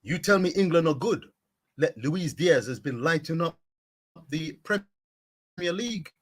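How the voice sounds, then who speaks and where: A man's voice: on the high side, animated, measured pace. A man hosting a sports live stream, reading out viewers' comments and answering them by name, repeating his catchphrases in a preachy way. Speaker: sports vlogger.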